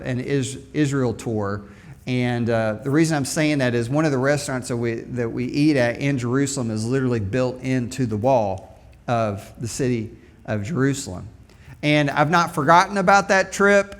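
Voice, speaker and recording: Lively, higher-voiced preaching man. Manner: animated, conversational preaching with call-and-response. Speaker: pastor. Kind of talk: sermon. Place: church sanctuary.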